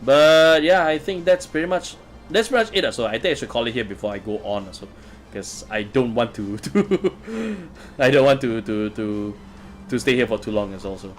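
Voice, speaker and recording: A man's voice: mid-range voice, expressive, normal speed, soft background music. A man hosting a casual live stream, answering viewer comments in a chatty way and chuckling often. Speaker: livestream host reading chat.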